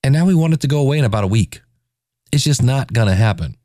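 A man's voice: mid-range voice, animated, fast, mellow, no echo, clean studio sound. A man in his forties hosting a casual solo podcast, talking in a self-deprecating, joking way. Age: 40s. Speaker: podcast host.

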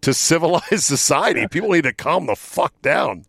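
A man's voice: a little high, lively intonation, normal speed, creaky, fairly bright tone, breathy edge, no echo. A man hosting a casual sports podcast, joking and swearing freely, recording from inside a van. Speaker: podcast host. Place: in a van at night.

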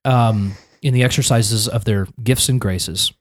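A man's voice: mid-range voice, a little slow. An American man discussing a church confession in a casual conversation, thinking aloud with many restarts and repeated words. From United States.

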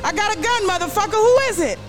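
A jumpy, startled man barking threats in a high, strained voice, put on by a woman telling a story. it sounds like a live radio story, with music running clearly underneath. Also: big pitch swings, slow pace, exaggerated voice. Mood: tense bravado. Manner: shouting bravado. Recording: music playing behind.

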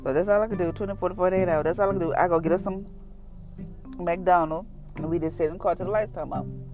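A woman's voice: lowish voice, fast, faint music behind. Earnest middle-aged woman sharing devotional testimony. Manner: conversational, earnest, animated storytelling with many fillers. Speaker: devotional podcast host. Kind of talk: casual devotional talk and personal testimony.

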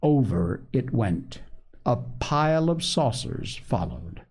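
A man hosting a show who reads an old children's book aloud in a lively, expressive storytelling manner. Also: medium pitch, slow pace, husky. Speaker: podcast host reading a book aloud. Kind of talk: reading a children's classic aloud.

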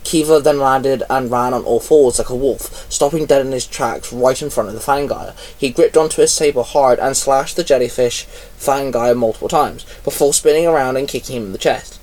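A man reading his own action story aloud at an unhurried pace, now and then pausing on a stumble. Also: mid-range voice, a little mellow. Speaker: fan fiction reader. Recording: voice a bit far from mic.

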